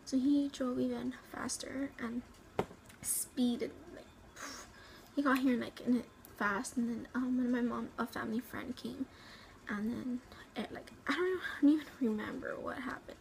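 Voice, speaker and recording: A woman from South Texas tells a personal story at home with a slightly high, gravelly voice. She rambles and hesitates, filling gaps with ums and likes, and sometimes sinks to a near whisper. A faint hiss sits under her voice. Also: fairly even intonation, unhurried, darkish tone, low-quality recording. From Rio Grande Valley, Texas. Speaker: vlogger.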